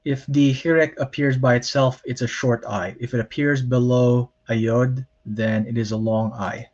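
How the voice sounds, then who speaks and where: A man teaching a recorded language lecture, explaining slowly and patiently, with frequent pauses and filler words. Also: mid-range voice, steady tone, a little mellow, dull audio. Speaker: Hebrew lecturer.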